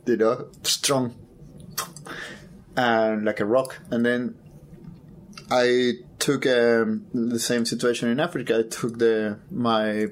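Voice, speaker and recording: A man, a photographer, telling a personal story in an interview, halting and repeating words as he searches for them. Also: medium pitch, flat delivery.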